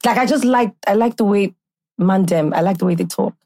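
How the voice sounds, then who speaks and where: A woman podcaster with a Nigerian accent in casual chat, telling animated stories full of slang and laughter. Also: mid-range voice, fairly quick. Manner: lively storyteller, slangy, laughs often.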